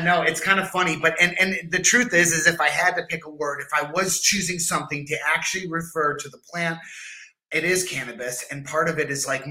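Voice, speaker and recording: A man's voice: a little high, pushed and bright, rough recording. A man co-hosting a podcast, talking in a rambling way with many restarts and easy laughs. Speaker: podcast co-host. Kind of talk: casual podcast chat.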